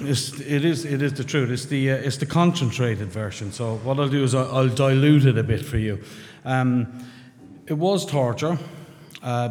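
A middle-aged man with an Irish accent tells his own story to a room of listeners. His talk is frank, salted with curses and dry jokes at his own expense. His voice sits at an ordinary middle pitch and rings out with a long hall reverb. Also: a little mellow. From rural Ireland. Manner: blunt, candid, swearing, wry self-mocking humor. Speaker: member sharing at a recovery meeting. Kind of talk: personal testimony to a group. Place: meeting room.

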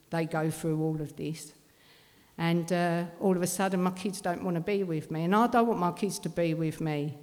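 A woman's voice: on the low side, a little mellow. A middle-aged woman telling a blunt, swearing personal recovery testimony. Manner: blunt, swearing, working-class London speech. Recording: long reverb of a hall.

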